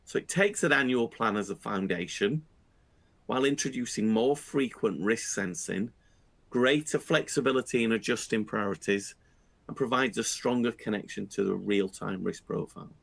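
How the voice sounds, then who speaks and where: A man speaks in a lowish, gravelly voice, laying out his points in a measured webinar style. He pauses on fillers and circles back to restart phrases now and then. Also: a bit bright. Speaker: internal audit speaker. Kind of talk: explanatory webinar talk.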